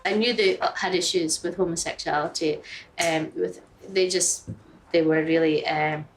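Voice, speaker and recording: Woman in interview, fairly low voice, earnest, stumbles a bit, music behind. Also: steady tone, measured pace, background noise. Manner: hesitant, earnest, with fillers. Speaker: mother interviewed.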